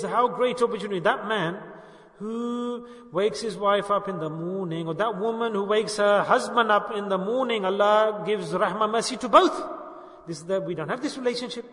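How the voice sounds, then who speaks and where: A man's voice: sits high, fairly bright tone. An older man, a shaykh leading a dhikr gathering, giving an informal sermon and keeps putting questions to his listeners with light humor. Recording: echoey hall with long reverb.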